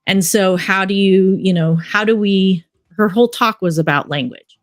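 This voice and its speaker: A middle-aged woman, a documentary director, telling stories in a relaxed interview, rambling with many fillers. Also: medium pitch, moderate pace. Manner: rambling storyteller, many fillers like "you know". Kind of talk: casual interview talk.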